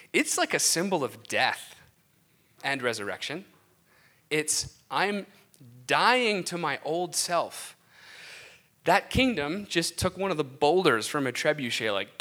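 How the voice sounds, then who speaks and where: A man preaching a casual, conversational sermon with animated delivery and self-deprecating asides. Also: fairly high pitch.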